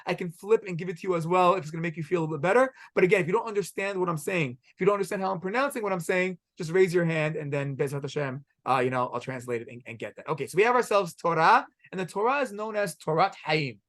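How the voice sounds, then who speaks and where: High, fast-talking rabbi quizzing a class. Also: male voice. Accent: Israeli Hebrew pronunciation of Hebrew words. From Israel. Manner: energetic, quizzes the room, mixes in Hebrew words. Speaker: rabbi teaching a halacha class. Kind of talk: classroom lecture with questions to students.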